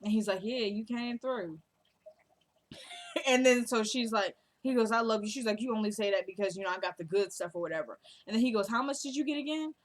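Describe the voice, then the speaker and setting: A woman recapping a TV drama episode in a casual chat, quickly quoting the characters' lines as she goes. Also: mid-range voice. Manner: chatty, quotes characters in quick asides. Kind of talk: casual recap, acting out dialogue.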